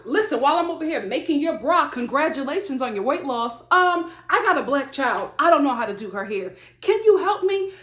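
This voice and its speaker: Woman, high voice, animated reality-show commentary, exclamatory, roomy echo. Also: normal speed. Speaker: reality TV reviewer. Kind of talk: casual commentary to camera.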